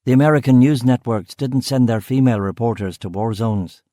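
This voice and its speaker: A man narrating a crime novel in the first person, steady and measured. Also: medium pitch, no room sound, clean studio sound. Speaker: audiobook narrator.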